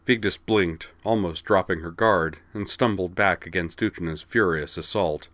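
A man narrating a fantasy story in a steady, even reading voice. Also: deep voice, moderate pace, few pauses, no echo.

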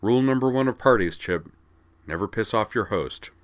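A man's voice: on the low side, expressive, normal speed, no room sound, close to an everyday voice. A man reading a story aloud, voicing a blunt, wry adult male starship pilot and father in a slightly raised voice.

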